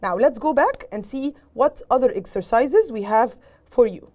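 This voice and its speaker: A woman's voice: fairly high pitch, lively intonation, normal speed, warm tone. A woman with an Egyptian accent teaching an English revision lesson, explaining each point in English and then in Arabic and quizzing her pupils as she goes. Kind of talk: bilingual exam revision lesson.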